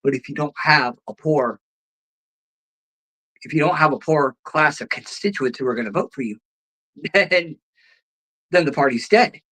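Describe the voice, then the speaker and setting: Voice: mid-range voice, unhurried, long pauses, a bit bright, low-quality recording. A host ranting about politics, heated and profane, firing off sarcastic rhetorical questions.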